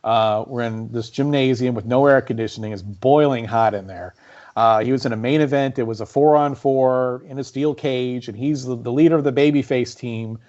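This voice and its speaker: Mellow-voiced man telling stories. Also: mid-range voice, moderate pace, highs cut off. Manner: animated storyteller, many fillers and repeats. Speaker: guest author. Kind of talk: conversational storytelling on a podcast.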